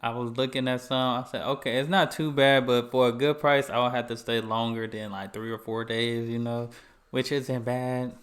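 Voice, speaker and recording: A man's voice: medium pitch, fairly even intonation, moderate pace, fairly bright tone. A young American man hosting a reaction video, chatting casually and laughing along with what he watches. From United States. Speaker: reaction channel host.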